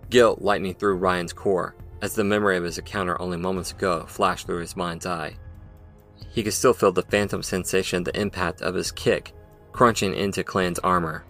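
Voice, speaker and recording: A man giving a measured, dramatic scripted narration of a story. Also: deep voice, steady tone, fairly bright tone, soft background music. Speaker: audiobook narrator.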